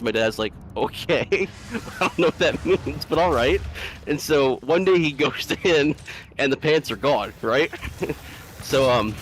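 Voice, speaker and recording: A man's voice: mid-range voice, a little slow, slight background noise. Laughing, rambling man telling a story. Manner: rambling, swears freely, often breaks into laughter. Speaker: streamer telling a story to friends. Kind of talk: casual storytelling chat.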